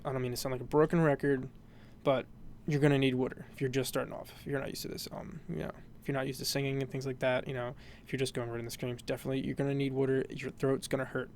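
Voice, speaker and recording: A man's voice: mid-range voice, slight background noise. A man explaining a vocal technique in a casual, rambling tutorial, full of fillers and "you know".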